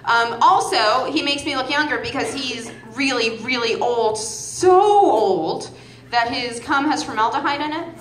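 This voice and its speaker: A woman in her twenties from Massachusetts doing a stand-up set on a music hall stage, with deadpan delivery and stammering restarts. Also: sits high, unhurried. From Massachusetts, outside Boston. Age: 20s. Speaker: stand-up comedian opening act. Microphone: stage microphone. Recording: echoey club recording with loud crowd. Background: audience laughing.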